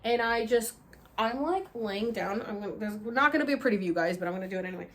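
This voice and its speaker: A woman vlogger telling a story to camera in a casual, animated way, swearing freely and acting out her own cries and gasps. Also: mid-range voice, quick pace, a little hiss or hum.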